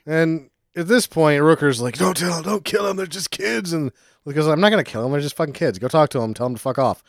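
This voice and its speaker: A man walking through a film plot with his co-host, with an animated, expressive voice and wry, deadpan asides. His talk is casual and full of swearing. The sound is close and dry. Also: a little high, fast talker, dry recording. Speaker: podcast co-host. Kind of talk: casual movie-recap chat.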